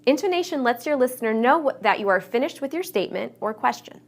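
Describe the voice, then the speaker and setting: A woman, giving a scripted English pronunciation lesson with clear, deliberate emphasis. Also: on the high side, animated. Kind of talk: scripted instructional narration.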